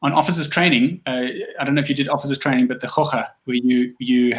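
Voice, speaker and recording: A man's voice: mid-range voice, fairly even intonation, fast, low-quality recording. Man hosting a chat. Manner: rambling, reflective. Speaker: podcast host. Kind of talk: conversational interview.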